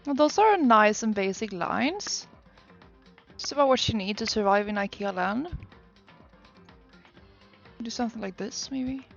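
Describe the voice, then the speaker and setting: Chatty Swedish woman with a gravelly edge. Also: on the high side, expressive, a little slow, long pauses, muffled recording, faint music behind. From Sweden. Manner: chatty, self-deprecating, exclaims often. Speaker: streamer. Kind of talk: casual live-stream chat. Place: home room at her desk.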